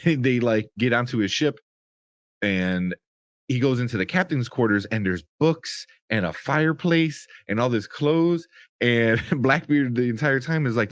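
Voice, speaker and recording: A man's voice: medium pitch, no echo, clean studio sound. A young man giving a casual spoken review of a show, rambling with lots of fillers and restarts.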